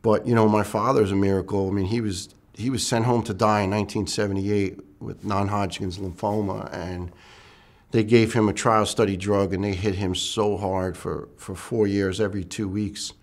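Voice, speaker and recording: A man's voice: on the low side, fairly even intonation, normal speed. A middle-aged man, a retired firefighter lieutenant, telling his personal story in an interview with earnest feeling and acting out the dialogue. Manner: earnest, emotional, acts out quoted dialogue.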